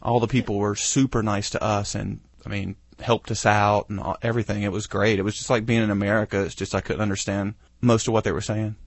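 A man's voice: fairly low pitch, flat delivery, a little fast, gravelly, hardly any pauses, no room sound. A man with a Southern US accent hosting a casual podcast, telling rambling, self-deprecating stories. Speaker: podcast host.

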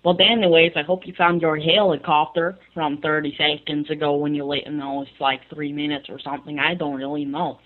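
A man's voice: a little high, flat delivery, brisk, few pauses, lightly acted. A man doing a silly rodent-ish goofball voice, tinny. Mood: rambling silly. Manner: rambling, repetitive, fretful "oh no". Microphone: webcam microphone. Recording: tinny phone-like webcam audio.

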